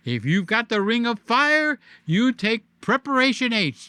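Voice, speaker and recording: A man with a high, bright and clear voice hosts a casual live-stream, reading out viewer comments. He talks slowly and teases in a playful, jokey way. His words get drawn out and sing-song. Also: big pitch swings, no echo.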